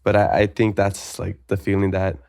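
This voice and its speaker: A man's voice: low voice, level tone, normal speed, creaky, darkish tone, dry recording, clean studio sound. A male podcast host talking casually and thoughtfully, often restarting his sentences. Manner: thoughtful, hesitant, with many restarts. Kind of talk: casual conversation.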